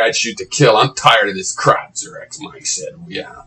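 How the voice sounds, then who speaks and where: Sarcastic low-voiced man reading comments. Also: moderate pace, pushed and bright, low-quality recording. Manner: sarcastic, mocking, profane asides.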